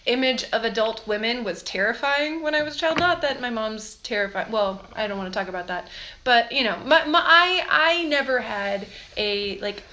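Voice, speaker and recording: A young woman co-hosting a casual tarot chat, halting and giggly, with lots of fillers. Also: on the high side, expressive, bright, forceful tone, slight background noise, rough recording. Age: young adult. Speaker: tarot co-host.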